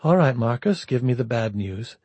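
A man voicing a grim, determined woman admiral with a cold, flat delivery. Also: mid-range voice, moderate pace, husky, dry recording, dull audio. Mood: tense.

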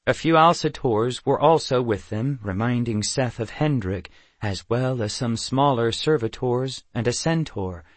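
A man narrating a fantasy story in an even, clear storytelling manner. His voice sits in a plain middle pitch, recorded close with no room sound at all. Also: unhurried, hardly any pauses, dry recording. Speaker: audiobook narrator. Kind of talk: scripted narration.

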